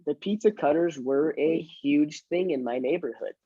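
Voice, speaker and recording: A man's voice: on the high side, moderate pace, warm tone, no echo, dull audio. A man who works in real estate, chatting casually and teaching, self-mocking and acting out his door-knocking lines. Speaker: real estate agent and trainer.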